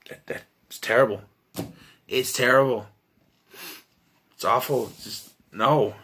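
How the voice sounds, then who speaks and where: A man's voice: mid-range voice, fairly even intonation, slow, pushed and bright. A man giving a casual, blunt and profane spoken film review, with frequent restarts as he talks.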